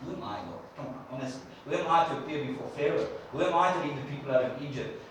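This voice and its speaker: A man's voice: mid-range voice, quick pace, a little hiss or hum, natural voice. A man preacher voicing a reluctant shepherd who protests and makes excuses to God. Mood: pleading. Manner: protesting, self-pitying, blurting excuses. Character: reluctant, panicky middle-aged male shepherd. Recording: echoey church from a distant mic.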